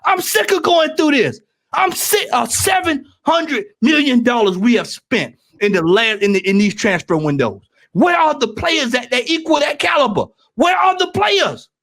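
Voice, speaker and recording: Man, Southern US accent, heated fan rant, high-pitched, very animated, repetitive, shouting bursts. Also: moderate pace. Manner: ranting, repetitive, rising to shouts. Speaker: panelist.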